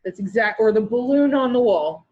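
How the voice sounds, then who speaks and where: A woman's voice: on the high side, lively intonation, moderate pace, phone-quality sound. A woman with a Canadian accent, teaching a class in a chatty, joking and encouraging way. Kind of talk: online class lecture.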